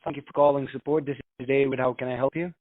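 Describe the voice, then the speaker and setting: Fast-talking Indian call center man. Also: mid-range voice, fairly even intonation, no echo. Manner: repeats the same stock phrase. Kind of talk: phone support script. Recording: dry phone-line audio.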